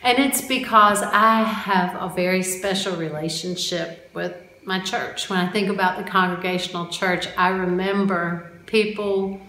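A woman's voice: medium pitch, fairly even intonation, a little slow, hardly any pauses, bright, forceful tone. A woman from the United States, a mission co-worker, sharing a personal testimony in a conversational way. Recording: roomy echo with faint background noise.

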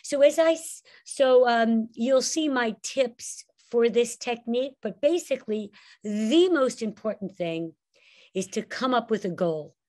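Animated woman storyteller. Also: a little high, a little slow. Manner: animated, expressive, lively. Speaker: storyteller and guest. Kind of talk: lively podcast interview.

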